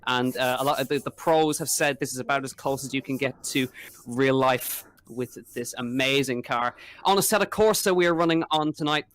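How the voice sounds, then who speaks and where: A man's voice: medium pitch, moderate pace, a bit bright. A man giving fluent live play-by-play race commentary, with promotional asides.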